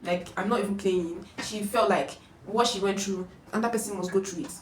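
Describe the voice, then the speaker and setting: A young woman in her twenties with a Nigerian accent, telling a story in a chatty, animated way. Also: mid-range voice, brisk, far from the mic, slight background noise. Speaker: vlogger. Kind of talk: casual storytime. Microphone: camera mic from a distance. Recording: echoey room, no microphone.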